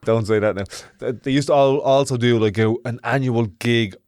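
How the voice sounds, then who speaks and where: Relaxed podcast host. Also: male voice, medium pitch, normal speed, clear, resonant tone, dry recording, studio quality. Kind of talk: casual chat.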